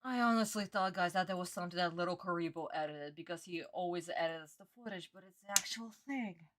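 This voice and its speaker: A woman's voice: on the low side, fairly quick, fairly bright tone. A young woman streaming her reaction to a dubbed anime, chatting casually with viewers, exasperated, swearing and bursting into laughs.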